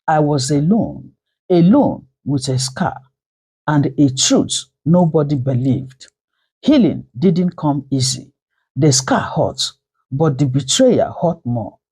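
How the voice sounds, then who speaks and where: A woman narrating a dramatic first-person story with slow, emotional delivery. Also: low-pitched, dark tone, breathy edge.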